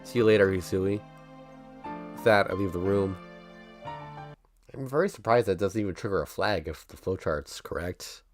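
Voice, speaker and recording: Low-voiced man reading a visual novel. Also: normal speed, long pauses, soft background music. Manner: steady first-person narration with chuckling asides.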